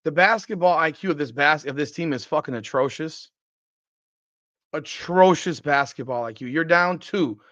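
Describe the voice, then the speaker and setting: A man's voice: fairly high pitch, normal speed, a bit bright, no echo. A man hosting a podcast, giving blunt, profane, exasperated post-game basketball commentary. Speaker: podcast host. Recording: dry, slightly dull lo-fi sound.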